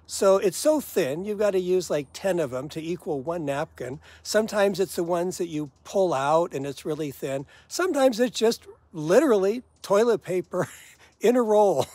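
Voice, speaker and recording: Chatty older man, high-pitched and dry. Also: animated, normal speed, darkish tone, dry recording. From United States. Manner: chatty, wry, laughs at his own gripes. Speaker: vlogger. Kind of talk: casual talk to camera.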